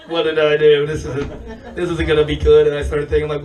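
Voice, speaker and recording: A hoarse man losing his voice, telling a rambling, profane stand-up story on a comedy stage and chuckling as he goes. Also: fairly high pitch, flat delivery, a little fast, darkish tone, recorded from a distance, poor audio.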